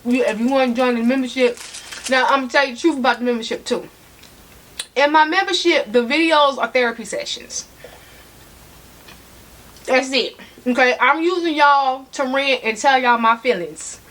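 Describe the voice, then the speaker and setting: A woman's voice: high-pitched, normal speed, pauses often, a bit bright. A woman vlogging about handbags in a sassy, chatty way, talking straight to her viewers while she eats. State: eating while talking, mouth sometimes full. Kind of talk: casual chat to camera.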